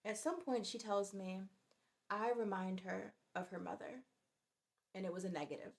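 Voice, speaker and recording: Woman in her forties, gravelly voice, chatty exasperated storytime. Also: mid-range voice, normal speed. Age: 40s. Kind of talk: casual storytime vlog.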